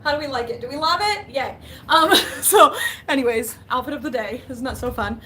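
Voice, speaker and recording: A woman's voice: high voice, normal speed, bright, forceful tone, slight background noise. A young woman in casual livestream chat from her basement, chatty and giggly, reading out viewers' comments. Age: young adult. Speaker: vlogger.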